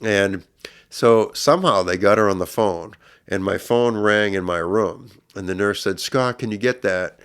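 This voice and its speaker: This middle-aged man, a guest on a podcast, has a smooth, lowish voice and an unhurried delivery. He tells his personal story earnestly, his volume swelling in the charged moments.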